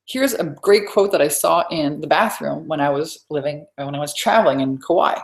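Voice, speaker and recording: Low-voiced woman coaching on a webinar. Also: normal speed, creaky. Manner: emphatic, repeats key phrases; chatty, conversational asides. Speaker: business coach. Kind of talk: live webinar teaching.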